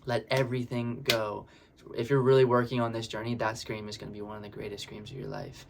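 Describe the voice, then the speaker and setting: A breathwork facilitator talks through what to expect in a session. He is a man with a somewhat low voice who speaks in a relaxed, reassuring way and loops back over the same words as he explains. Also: fast, gravelly, a little hiss or hum. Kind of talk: casual explanatory talk.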